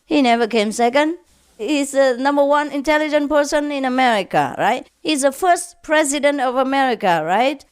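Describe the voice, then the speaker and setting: A woman's voice: high-pitched, animated, moderate pace, pitched above the performer's own voice. A woman voicing an earnest young male teammate who argues his point step by step. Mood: eager. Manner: eager, arguing point by point.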